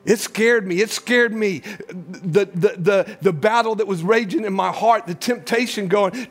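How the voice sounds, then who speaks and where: A man in his sixties, a pastor, preaching a sermon and telling a personal story with big swings between loud urgency and hushed lows. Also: measured pace, soft background music.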